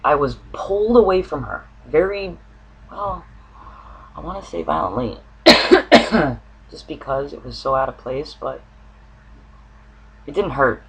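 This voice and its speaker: A man's voice: a little high, expressive, a little slow, pauses often, fairly bright tone, slight background noise, poor audio. A man telling a personal dream story to the camera, earnest and searching for words, with an occasional cough. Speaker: spiritual vlogger.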